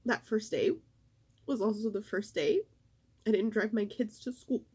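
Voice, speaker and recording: A middle-aged woman in a casual vlog, talking in a halting, emotional way and fighting back tears. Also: medium pitch, a little mellow, slightly rough. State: tearful. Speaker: vlogger.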